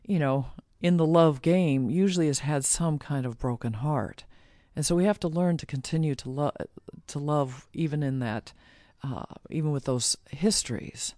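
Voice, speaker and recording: Middle-aged woman guest, earnest and chatty, playful quoted asides, dry recording. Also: no room sound. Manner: warm, earnest, laughs often, acts out quotes in a high voice. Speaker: guest, author and shamanic practitioner. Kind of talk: casual interview talk.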